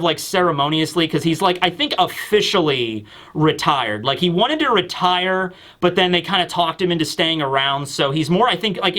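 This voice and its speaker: A high, bright man's voice with a sharp edge runs through this casual manga review. He is from the United States and talks in a lively, rambling way, full of "like" and quick laughs. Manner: animated, laughs often, lots of filler words. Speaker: host.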